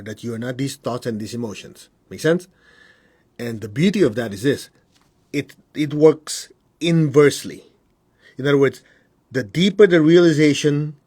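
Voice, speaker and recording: Spiritual teacher, male, husky and a little breathy, casual live-stream teaching with mid-range pitch. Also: darkish tone. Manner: conversational, asks the audience whether it makes sense; mimics students in high voices.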